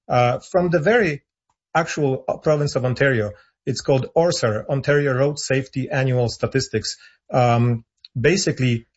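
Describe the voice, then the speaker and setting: Insistent husky man on a dull line. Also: mid-range voice. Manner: insistent, argumentative, repeats points for emphasis. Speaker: guest, founder of an advocacy group. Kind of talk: radio call-in interview.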